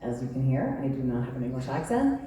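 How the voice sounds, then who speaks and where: A woman in her thirties, a guest actress on a convention panel, tells stories in a rumbling low, mellow voice, very animated and quick-paced, chatting, laughing, and saying "like" a lot. The recording comes from far off in an echoey large convention hall, with slight background noise.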